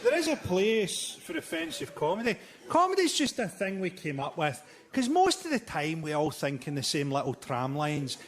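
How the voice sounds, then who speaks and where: A Scottish man doing a stand-up comedy set on a live stage, delivering dark jokes in a dry, deadpan way. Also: fairly high pitch, moderate pace. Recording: live show with loud ambient noise.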